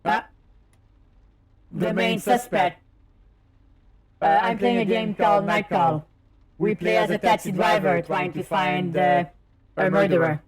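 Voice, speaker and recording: A man's voice: high-pitched, unhurried, pauses often. A man streaming a game, casually chatting and reading the game's text aloud.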